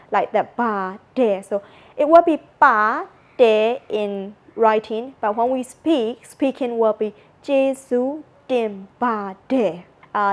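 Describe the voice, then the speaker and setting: Slowly repeating sounds to show how they're made, this language presenter gives a relaxed lecture full of "like" and "you know." She is a woman from Myanmar, a native Burmese speaker with a Burmese accent, and her voice is fairly high-pitched.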